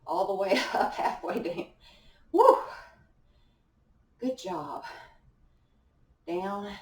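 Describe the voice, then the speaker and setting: A woman's voice: mid-range voice, takes it slowly, a little hiss or hum. A woman leading a live workout class, giving encouraging cues with small laughs between moves. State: out of breath at times. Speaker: fitness instructor. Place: indoor workout room. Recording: echoey room, voice from far off.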